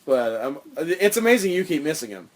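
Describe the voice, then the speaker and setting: A man's voice: fairly high pitch, very animated, fairly quick. A man hosting a casual comedy podcast, stammering and laughing often. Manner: giggly, stammering, frequent laughter. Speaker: podcast host.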